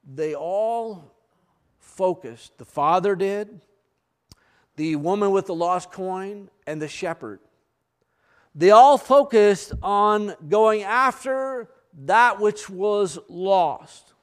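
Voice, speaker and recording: A man's voice: sits high, lively intonation, slow pace, clean tone. A man preaching a sermon, reading scripture aloud and adding earnest, plain-spoken asides.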